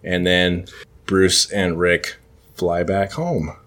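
A low-voiced man hosting a podcast retells a comic book plot in casual chat. He rambles, trails off and corrects himself, leaning on fillers. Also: level tone, slow pace, a bit bright. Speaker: podcast host.

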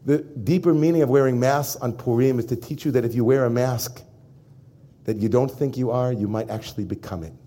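Brief: male rabbi, lively sermon delivery, mid-pitched voice, talks straight to the room. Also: fairly quick. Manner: animated, addresses the congregation directly. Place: synagogue before a congregation.

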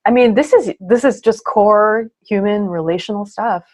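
A woman's voice: mid-range voice, normal speed, darkish tone. A woman guest on a podcast, speaking in an earnest, reflective way, often saying "you know" and "I mean". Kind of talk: casual conversational interview.

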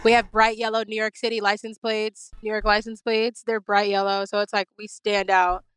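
A woman guest telling stories in a lively, casual way, laughing often, talking from a coffee shop over a remote call. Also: mid-range voice, moderate pace, smooth, no echo. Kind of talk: casual storytelling chat. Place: coffee shop in a small town.

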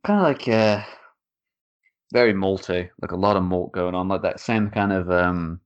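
Deep-voiced bloke rambling about beer. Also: male voice, moderate pace, clean tone, no echo, muffled recording. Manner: rambling, jokey, many fillers. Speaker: beer podcast host. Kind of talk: casual chat.

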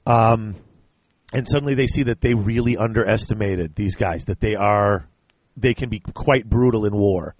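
A man in casual discussion, excitedly retelling book scenes with quoted lines and laughter. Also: on the low side, moderate pace, dry recording.

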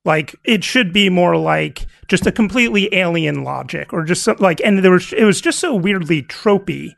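A man's voice: high voice, animated, normal speed, gravelly. A man co-hosting a podcast, chatting casually and rambling as he searches for words. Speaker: podcast co-host. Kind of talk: casual chat.

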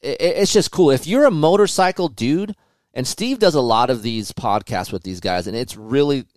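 A man hosting a motocross podcast, telling stories in a casual, animated way and swearing often. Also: medium pitch, normal speed, no room sound, studio quality. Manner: profane, animated storytelling. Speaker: podcast host, motocross test rider. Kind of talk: casual chat.

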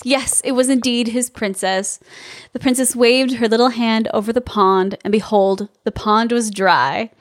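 A woman's voice: on the high side, steady tone, a little slow, no room sound, clean studio sound. A young woman hosting a podcast, reading a fairy tale aloud with giggly, wry asides. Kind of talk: comic storybook reading with asides.

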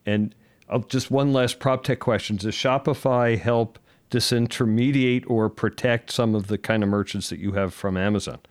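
A man's voice: medium pitch, fairly even intonation, moderate pace, smooth, dry recording. A man hosting a real estate podcast, asking questions in a conversational way with friendly asides. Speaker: podcast host. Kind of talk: podcast interview.

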